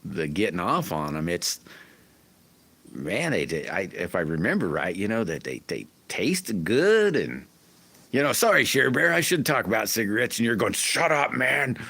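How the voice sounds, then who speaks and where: Folksy deep-voiced middle-aged man. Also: big pitch swings, normal speed, fairly bright tone, breathy edge, no room sound. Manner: folksy, rambling, with many restarts. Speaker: livestream host. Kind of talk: casual livestream chat answering viewers.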